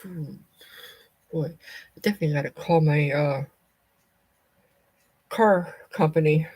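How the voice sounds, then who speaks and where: A woman's voice: low voice, a little slow, a little mellow. A woman with a Southern US accent chatting casually on a live stream, rambling from topic to topic and breaking off to call her cat.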